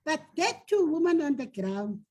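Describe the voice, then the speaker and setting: A woman's voice: high voice, moderate pace, low-quality recording. An older woman with a South African accent, a union leader telling earnest stories from her past in an interview. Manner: earnest, reminiscing, animated storyteller. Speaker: domestic workers' union leader, guest. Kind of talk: personal storytelling in an interview.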